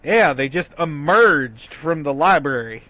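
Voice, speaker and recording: Man, game master, narrating tabletop play, slow delivery, slightly high voice. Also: animated, pushed and bright, dry recording. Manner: easygoing, laughs often, hesitant fillers.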